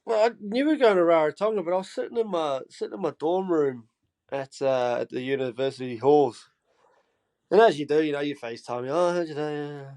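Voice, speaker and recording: Lively young Geordie man telling stories. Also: on the high side, brisk. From England. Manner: animated storyteller, swears freely, acts out quotes. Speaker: podcast guest. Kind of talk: casual storytelling chat.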